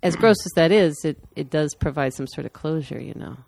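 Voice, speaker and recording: A woman's voice: sits low, a little fast, gravelly, a little mellow, no room sound, clean studio sound. A woman telling a personal story candidly and matter-of-factly in casual conversation. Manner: candid, matter-of-fact, with restarts.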